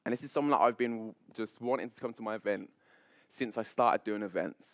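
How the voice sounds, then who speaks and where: A man, a public speaking coach, leading a live seminar on stage with high energy, playful banter and frequent laughs. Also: fairly quick, a bit bright, no room sound. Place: event stage before an audience.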